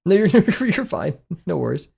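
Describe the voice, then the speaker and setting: A man's voice: high-pitched, sing-song, normal speed, creaky, darkish tone, slightly rough. A young man with a Southern US accent, thinking aloud in a casual live stream as he draws, rambling and self-deprecating and often chuckling. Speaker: art streamer.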